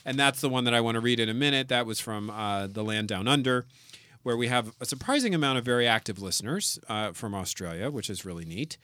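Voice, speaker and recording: A man co-hosting a casual podcast, wry and animated, reading listener comments aloud. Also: mid-range voice, fast talker, no echo. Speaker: podcast co-host.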